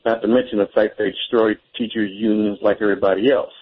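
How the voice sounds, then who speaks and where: A man calling into a radio talk show, making his points in an earnest, halting way with many fillers. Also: fairly low pitch, steady tone, husky. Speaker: caller. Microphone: telephone. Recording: tinny phone line.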